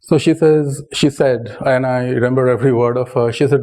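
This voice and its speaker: A man's voice: mid-range voice, fairly even intonation, brisk, few pauses, warm tone. A man from India with an Indian English accent gives a lecture as a psychologist, telling a personal anecdote in a conversational way and often checking in with the audience. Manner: conversational, seeks assent with "right?".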